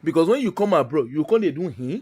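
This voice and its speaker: A man from Nigeria with a Nigerian accent, telling stories in a casual, animated way, mixing Pidgin into his English and laughing often. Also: a little high, fast talker, husky. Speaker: guest. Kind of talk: casual storytelling.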